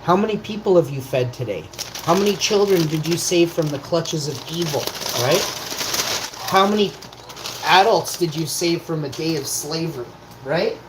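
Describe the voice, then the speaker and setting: A man's voice: on the high side, lively intonation, moderate pace. A man in his forties giving a confrontational, profane monologue as a vlog host, firing off rhetorical questions. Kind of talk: ranting monologue. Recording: roomy echo, faint noise.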